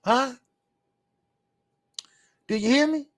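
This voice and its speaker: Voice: sits high, extremely slow, dry recording. A boxing show host ranting in a heated talk-show style, fired up, repeating points and talking straight to viewers.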